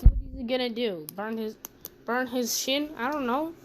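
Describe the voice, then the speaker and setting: A woman's voice: fairly high pitch, moderate pace, noisy background. A woman casually narrating a fan story with chatty rambling asides.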